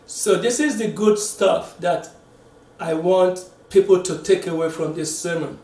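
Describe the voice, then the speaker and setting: High-voiced man preaching in an echoey room. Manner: halting, repeats words, drops to quiet for emphasis. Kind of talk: sermon. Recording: echoey room, mic at a distance.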